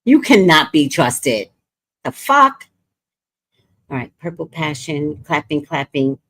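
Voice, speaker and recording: A woman with a low-sitting, breathy voice talks slowly as she hosts a casual livestream. She reads, chats with her audience, and tells brash stories full of profanity and animation, all picked up by a streaming microphone.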